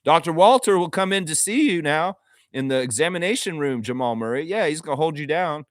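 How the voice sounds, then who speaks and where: Male fan-channel host, animated and profane, loud laughs, very expressive pitch. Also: brisk, no echo, studio quality. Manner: animated, profane, laughing, reads chat comments. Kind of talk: casual live-stream sports chat.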